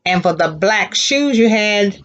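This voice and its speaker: A woman teaching a children's class, slowly drilling words and praising answers. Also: medium pitch, animated, fairly bright tone, muffled recording. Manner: encouraging praise. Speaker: Spanish teacher. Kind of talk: elementary language lesson.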